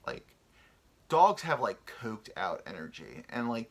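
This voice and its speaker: Lively, bright-voiced man in his thirties. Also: on the high side, a little slow, breathy edge. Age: 30s. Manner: rambling, crude, many fillers. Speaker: podcast host. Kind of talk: casual solo podcast monologue.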